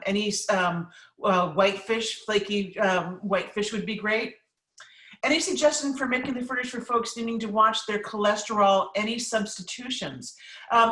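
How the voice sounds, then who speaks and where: A woman's voice: a little high, sharp tone, far from the mic. Chatty woman chef in a roomy echo. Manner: chatty, emphatic, many ums. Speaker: chef and cookbook author. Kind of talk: live cooking class Q&A, casual.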